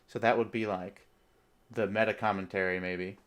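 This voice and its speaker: A man's voice: lowish voice, steady tone, normal speed, fairly bright tone. Young man rambling on a podcast. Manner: rambling, laughing, full of filler words. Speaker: podcast host. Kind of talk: casual podcast chat.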